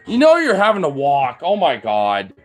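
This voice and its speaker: A man's voice: on the high side, wildly swooping pitch, moderate pace, faint music behind. A young man talking playfully to his dogs, teasing them and swearing as he goes. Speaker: dog owner vlogger. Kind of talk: casual talk to his dogs.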